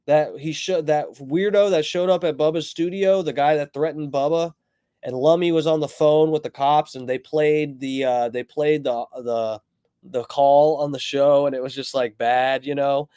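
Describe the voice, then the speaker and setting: A man on a livestream tells a story in a loose, rambling, profane way, breaking off to greet chat viewers. His voice sits a little high for a man. The sound is dry and close, with little room echo. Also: normal speed, smooth. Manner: rambling, profane, animated retelling. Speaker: livestream host.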